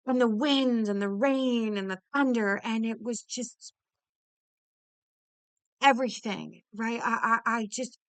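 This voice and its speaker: A woman's voice: fairly high pitch, slow, pauses often, fairly bright tone, clear, resonant tone, no echo. A woman telling a story in a casual, exuberant way, swearing freely, laughing often and restarting her sentences. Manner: many restarts and repeated words. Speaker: podcast host.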